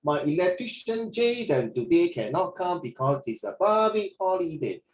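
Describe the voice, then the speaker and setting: A man's voice: high-pitched, sing-song, normal speed, slight background noise, poor audio. A man teaching an online lesson over a video call, playful and teasing as he corrects a student and calls him "my dear".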